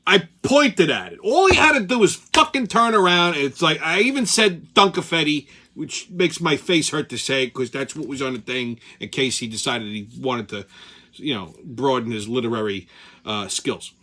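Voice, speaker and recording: A man's voice: medium pitch, lively intonation, normal speed, pushed and bright. A man hosting his own channel, telling a heated, profane story in a casual rant. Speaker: channel host.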